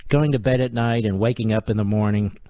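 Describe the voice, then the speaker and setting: A man's voice: fairly low pitch, steady tone, a little fast, mellow, dry recording. Sarcastic combative male talk radio host. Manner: sarcastic, combative, with rhetorical questions. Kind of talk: opinion talk radio monologue.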